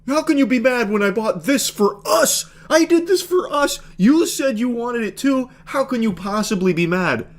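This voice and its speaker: Man putting on a shrill whiny man-child. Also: expressive, normal speed, hardly any pauses. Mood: indignant. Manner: shrill and indignant, voice jumping high. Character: whiny entitled grown man, defensive and self-righteous.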